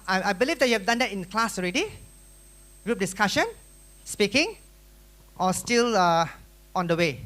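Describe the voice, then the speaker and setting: A woman with a Malaysian English accent lecturing a room of students, lively and playful, acting out chatter with sound effects and repeated syllables. Her voice is bright and forceful, with a middle pitch. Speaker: workshop speaker for exam preparation. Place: school hall.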